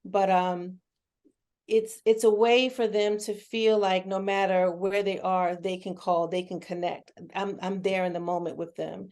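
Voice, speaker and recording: A woman's voice: medium pitch, flat delivery, a little slow, darkish tone. A woman who is a children's therapist, talking candidly and earnestly in a casual interview, with a folksy manner and frequent restarts.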